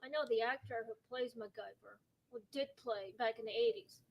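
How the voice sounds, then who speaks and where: A woman's voice: on the high side, fairly quick, creaky, slightly rough, lo-fi sound. A woman in a casual chat, blunt and joking.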